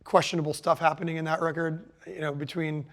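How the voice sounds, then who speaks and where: A man's voice: fairly high pitch, level tone, brisk, fairly bright tone. A man in his forties, a guest musician chatting casually in an interview, loose and rambling with lots of "like" and "you know". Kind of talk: casual conversation.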